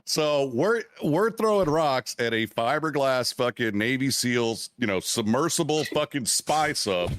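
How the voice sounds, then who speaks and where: A man's voice: medium pitch, wildly swooping pitch, slow pace, no room sound. A veteran man on a podcast telling a profane, rambling war story with frequent restarts and swearing. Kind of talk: casual storytelling chat.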